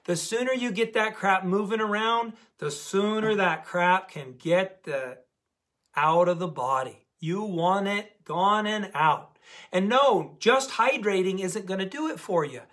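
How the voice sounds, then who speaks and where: A man with a notably high voice speaks straight to his viewers as a diet coach. His talk is animated and emphatic, and he hammers key words by saying them again. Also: measured pace. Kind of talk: casual motivational talk to camera.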